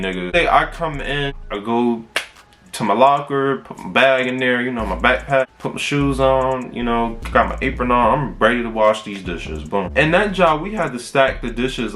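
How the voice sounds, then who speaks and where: A man's voice: mid-range voice, fairly bright tone. A young man in his late teens telling a casual, profane storytime vlog about his own life. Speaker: vlogger.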